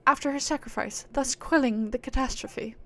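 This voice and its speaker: A proud, otherworldly female spirit from a fantasy game, talking down to mere mortals in a put-on British accent, played by a woman reading her lines. Her manner is lofty and theatrical. The tone sits a little high with a gravelly fry underneath. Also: moderate pace, sharp tone. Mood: grandiose. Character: haughty divine female spirit, aloof and grandiose.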